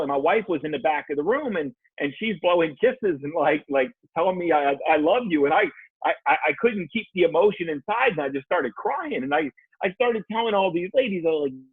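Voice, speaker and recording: A husky, somewhat high-voiced man talks with heartfelt earnestness, circling back and restarting as he goes. His voice comes through a tinny, phone-like line that sounds dry and close. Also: a little fast, no echo. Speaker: leadership coach guest. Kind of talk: podcast interview.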